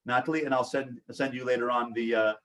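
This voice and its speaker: A man's voice: medium pitch, fairly even intonation, quick pace, fairly bright tone, recorded from a distance. A man leading a support group, who coaches, asks the group questions and acts out sample replies. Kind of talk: teaching a live online group session.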